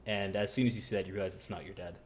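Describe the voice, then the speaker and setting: A man's voice: sits low, fairly even intonation, very fast. A man narrating a tabletop game as dungeon master, laid-back with lots of fillers.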